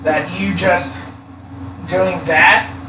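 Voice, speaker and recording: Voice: mid-range voice, fairly even intonation, very slow. Rambling explainer in an echoey room. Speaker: co-host. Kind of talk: casual chat. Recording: echoey room, far from mic, noisy.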